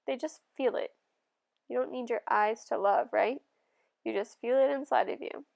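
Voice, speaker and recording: A woman reading as a hushed, tender mother. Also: a little high, normal speed, creaky. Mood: tender, tired. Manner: soft, hushed, near whispering. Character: tender, weary mother soothing her son.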